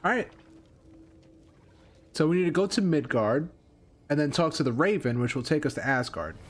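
A man streaming a video game, rambling through casual commentary, swearing and getting excited. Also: fairly high pitch, moderate pace.

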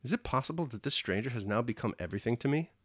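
A man's voice: mid-range voice, animated, racing, slightly rough, dry recording, clean studio sound. A man voicing an eager, emotional young noblewoman in an audiobook reading, with breathless, pleading questions.

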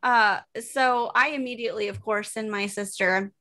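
A woman hosting a podcast, telling animated, self-mocking stories in casual chat. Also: fairly high pitch, moderate pace. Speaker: podcast host.

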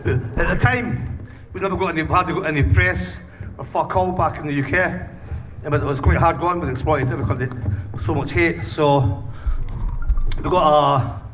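A man's voice: on the high side, fairly bright tone. A man telling rowdy stories in a casual interview, swearing constantly and breaking into laughter. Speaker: punk band singer. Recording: distant mic with faint background noise.

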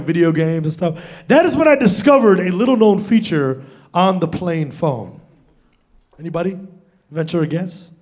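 A young man performing an animated stand-up comedy routine on stage, acting out voices as he tells a story. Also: a little high. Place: stage before a live audience.

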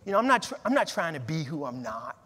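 A man's voice: a little high, sing-song, fast talker, a bit bright, long reverb tail. A man, a head pastor, preaching a sermon in an emphatic way, repeating words and reading scripture aloud.

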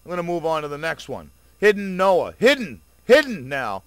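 A man's voice: fairly high pitch, big pitch swings, normal speed, hardly any pauses, a bit bright, smooth, no echo. A man in an angry, profane, sarcastic video rant, addressing his viewers directly. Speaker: vlogger.

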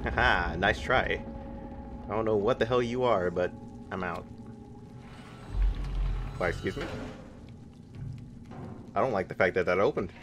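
A young man giving jokey horror game commentary, taunting the game and bursting into high yells. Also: a little slow, long pauses, over music. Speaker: gaming streamer.

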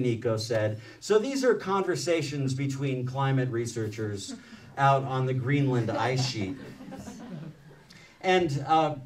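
A man's voice: mid-range voice, distant mic. A man reading aloud from his own book at a library event, then talking loosely with fillers and restarts. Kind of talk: book reading mixed with casual storytelling. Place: public library event room.

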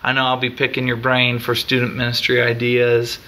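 A man giving a slow, earnest thank-you in a tribute video, searching for words as the new youth minister. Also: medium pitch, monotone, sharp tone.

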